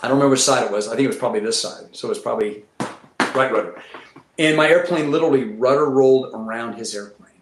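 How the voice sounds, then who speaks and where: Animated man telling flying stories. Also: medium pitch, quick pace, roomy sound, a little hiss or hum. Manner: animated, acts out his story with sound effects and laughs. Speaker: guest pilot telling stories. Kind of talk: casual storytelling.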